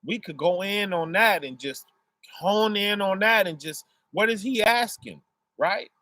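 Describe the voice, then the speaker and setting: A man with a fairly high voice delivers a loose, conversational sermon, stopping after almost every phrase to check "right?" with his listeners. He explains his points through homely family examples. The sound is dry and close. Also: measured pace, sharp tone, no room sound. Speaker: preacher. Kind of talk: casual street sermon.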